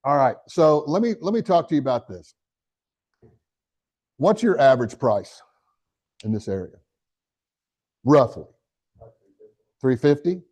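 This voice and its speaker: A middle-aged man giving a live real estate training, energetic and talking straight to the audience with questions. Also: mid-range voice, unhurried, long pauses. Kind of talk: live motivational training talk.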